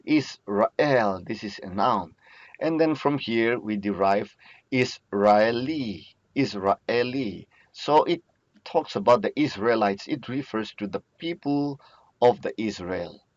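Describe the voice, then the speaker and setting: A low-voiced man, talking through a lesson at an unhurried, deliberate pace. He explains patiently and says key words twice. The sound is dry and a bit dull, like a lo-fi lecture recording. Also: dry recording. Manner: slow, patient explaining with frequent repetition. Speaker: teacher.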